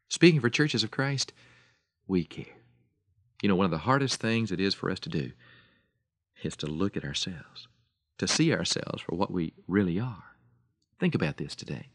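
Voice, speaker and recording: A man hosting a religious radio program, telling a fable with animated delivery and then giving a quiet, earnest appeal. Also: deep voice, moderate pace, no room sound. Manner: animated storyteller, bright voices for animals. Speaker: radio minister. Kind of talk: radio devotional storytelling.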